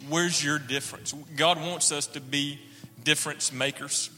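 Bright-voiced man telling a church testimony. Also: a little high, steady tone, measured pace, in a large hall, faint music behind. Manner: earnest storytelling, acts out dialogue. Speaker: church member sharing testimony.

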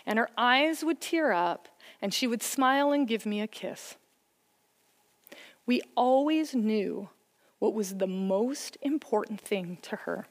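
A woman's voice: fairly high pitch, animated, slow pace. A woman giving an earnest, encouraging sermon about parenting and faith, mixing scripture with personal stories. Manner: earnest, encouraging, story-telling. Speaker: church speaker on family faith. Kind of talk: sermon talk. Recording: long hall reverb.

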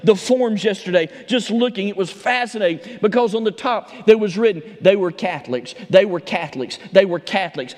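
Pastor preaching in a reverberant church. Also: male voice, sits high. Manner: storytelling, building to emphatic preaching. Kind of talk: sermon. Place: church sanctuary. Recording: long hall reverb.

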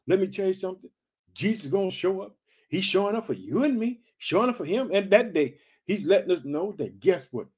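A man with a high-set voice delivers a fired-up sermon. He keeps circling back to his catchphrases and calls his listeners family as he pushes them to stay encouraged. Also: animated, a little fast, darkish tone, husky. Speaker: preacher. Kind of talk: energetic sermon.

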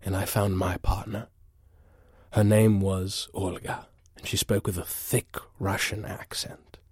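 A husky man spinning an absurd story with dead-serious conviction, sometimes hushed, sometimes booming. His voice sits low and is recorded close and dry, with no room sound. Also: little pitch movement, a little slow, no echo. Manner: earnest, swings from hushed to booming. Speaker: improv comedy performer.

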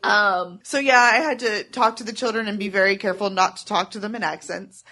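A woman's voice: medium pitch, fairly quick, bright, forceful tone. A woman co-hosting a podcast, telling stories in casual chat and laughing often as she talks.

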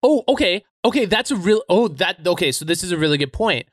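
Thoughtful man with a higher voice. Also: sing-song, no room sound, clean studio sound. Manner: thoughtful, halting, many "like" fillers. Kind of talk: casual podcast chat.

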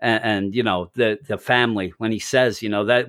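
A man's voice: fairly low pitch, fairly even intonation, moderate pace, hardly any pauses, a bit bright. A middle-aged man co-hosting a podcast in casual chat, telling long rambling stories and chuckling as he goes. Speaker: podcast co-host.

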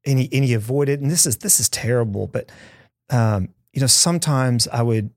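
A man's voice: mid-range voice, normal speed, no echo, studio quality. A man who is a pastor, talking in a podcast conversation with earnest, heartfelt storytelling.

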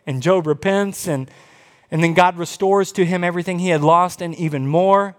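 A man preaching a sermon, telling Bible stories with animated quoted voices. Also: high voice, moderate pace. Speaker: pastor. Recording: long reverb of a large hall.

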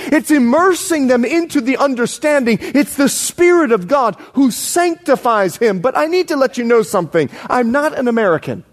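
A Bahamian-born male pastor preaching a sermon, telling stories and dropping from loud exclamations to low hushed lines.

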